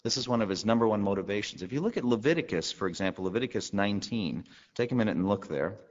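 A man's voice: lowish voice, expressive, fast talker. A man preaching a sermon to a congregation, teaching conversationally and asking the listeners rhetorical questions. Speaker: pastor. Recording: long reverb, dull lo-fi sound.

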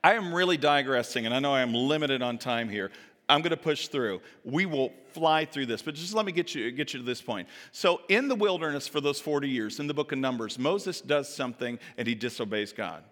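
A man preaching a sermon as pastor, telling scripture stories in a chatty, animated way and acting out the voices he quotes. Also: medium pitch, a little fast. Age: adult parent. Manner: casual, chatty asides to the audience. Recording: reverberant hall.

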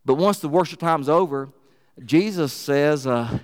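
A man preaching a sermon in an animated, emphatic way with folksy asides. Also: fairly high pitch, a little slow. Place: church sanctuary. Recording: reverberant church hall.

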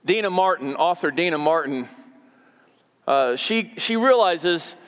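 A man's voice: on the high side, expressive, measured pace, fairly bright tone, clear, resonant tone, long reverb tail. A man preaching a sermon as pastor, conversational and repeating words for emphasis.

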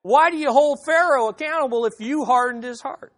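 A man's voice: extremely high pitch, brisk, a bit bright. A man preaching an expository sermon, emphatic, repeating phrases and acting out the objections he quotes. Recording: reverberant hall.

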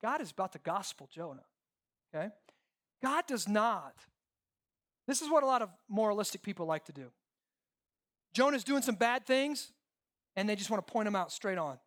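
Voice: mid-range voice, big pitch swings, moderate pace, long pauses, fairly bright tone. Emphatic preacher building long spoken lists. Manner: emphatic, repetitive lists, rhetorical questions; checks in with listeners often ("okay?", "right?"). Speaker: pastor. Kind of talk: sermon.

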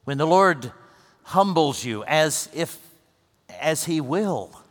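Pastor preaching in a reverberant hall. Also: male voice, a little high, expressive, takes it slowly. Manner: earnest storytelling, rising to emphatic peaks then dropping soft. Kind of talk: sermon.

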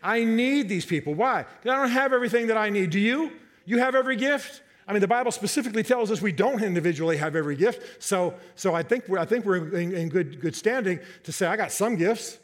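A man preaching a sermon to a congregation, animated and joking, often repeating and restarting his words. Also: high voice, fast talker, few pauses. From Southern United States, half his family.

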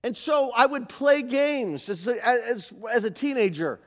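A man preaching a sermon as pastor, animated, moving from loud emphasis to quiet asides. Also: very high voice, measured pace. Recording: live church service.

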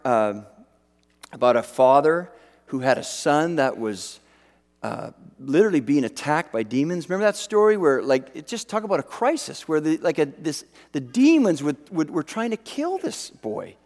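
A middle-aged man preaching a sermon, telling stories with lively acted-out quotes and frequent restarts. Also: on the high side, normal speed. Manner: animated storyteller, acts out quotes, frequent restarts. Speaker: pastor. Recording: long hall reverb.

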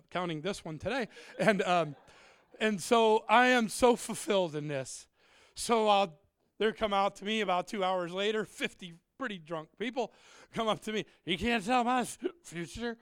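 A middle-aged man preaching a humorous sermon, animated and joking, swinging from shouts to quiet asides. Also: high voice, smooth, no room sound, studio quality. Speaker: pastor.

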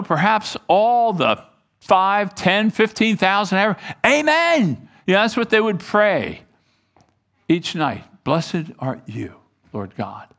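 A man preaching a sermon as pastor, animated and folksy, acting out short bits of dialogue. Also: sits high.

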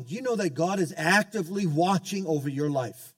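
Fervent pastor preaching, slightly off-mic. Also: male voice, a little high, animated, brisk, no echo, distant mic. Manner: fervent preaching with call-outs and many restarts. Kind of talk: sermon.

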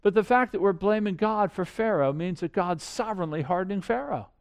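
A man preaching a sermon, animated, asking rhetorical questions and swinging between loud and quiet. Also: high voice, a little fast. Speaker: pastor.

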